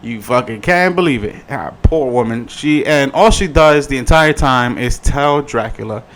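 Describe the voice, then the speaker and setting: A man giving a casual review in his vlog, swearing freely in an animated, slangy way. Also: mid-range voice, moderate pace. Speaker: video reviewer.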